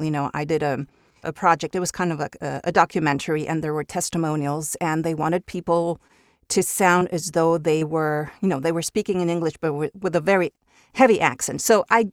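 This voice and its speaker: A woman's voice: lowish voice, dry recording, studio quality. A woman raised in Mexico with Spanish as her first language, chatting casually as an interview guest about her voice work, often restarting words. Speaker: voice actor guest.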